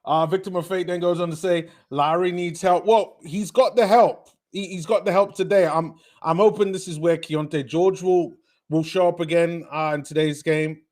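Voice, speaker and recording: A man's voice: a little high, fairly even intonation, normal speed, a little mellow. A young man hosting a live basketball watch stream, chatting casually, reading viewer comments and often repeating words.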